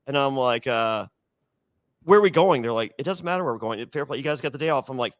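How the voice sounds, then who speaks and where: A man's voice: fairly high pitch, expressive, quick pace, fairly bright tone, no room sound. Rambling storyteller man, dry close mic. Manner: rambling, acts out dialogue, repeats words. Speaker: reality TV guest. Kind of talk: casual podcast storytelling.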